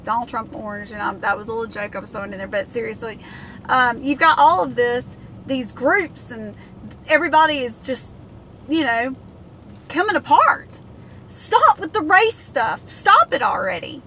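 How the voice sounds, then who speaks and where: An indignant American woman vents in a heated political rant, her high, bright voice tripping over fillers and false starts. She sounds livid throughout. Faint background noise sits under the recording. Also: lively intonation, normal speed. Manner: angry, indignant, with many fillers and restarts. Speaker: political vlogger.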